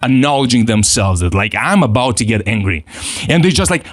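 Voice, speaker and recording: Animated man coaching with lively pitch. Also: a little fast, dry recording, studio quality. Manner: animated, acts out quoted inner voices, repeats words. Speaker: self-help coach. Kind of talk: motivational teaching.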